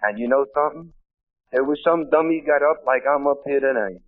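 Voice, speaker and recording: A man's voice: medium pitch, fairly quick. A man from Brooklyn, telling his story as a speaker at a meeting in a blunt, wisecracking way. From Brooklyn, New York. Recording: tinny lo-fi 1970s tape, dry.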